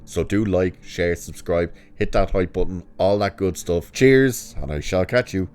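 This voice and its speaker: A man giving a sarcastic, exasperated review of a TV episode, swearing freely and swinging his pitch up sharply when he mocks it. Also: unhurried, a little mellow, clean tone. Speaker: show reviewer.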